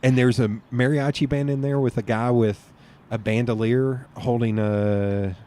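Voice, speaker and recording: A man's voice: medium pitch, fairly even intonation, unhurried, dark tone. Rambling Southern man telling stories. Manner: rambling, laughs often. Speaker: podcast guest. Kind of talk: casual storytelling chat.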